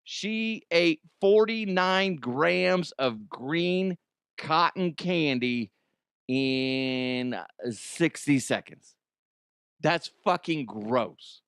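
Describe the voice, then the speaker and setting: A man's voice: fairly high pitch, extremely slow, a bit bright, smooth, dry recording, studio quality. Laughing, profane male comedy host. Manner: laughs often, profane, self-mocking. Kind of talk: casual comedic news chat.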